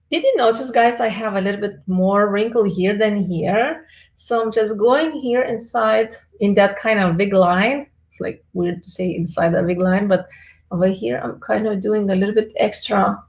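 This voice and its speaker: A beauty and health YouTuber with a creaky, medium-pitched voice chats on a casual livestream, reading viewer comments. She's warm, effusive, and affectionate.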